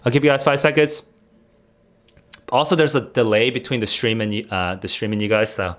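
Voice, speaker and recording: A young man on a casual livestream, talking through vocabulary with his chat. He rambles, leans on fillers, and restarts his sentences, at an ordinary mid pitch for a man. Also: brisk, a bit bright. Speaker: streamer and test tutor.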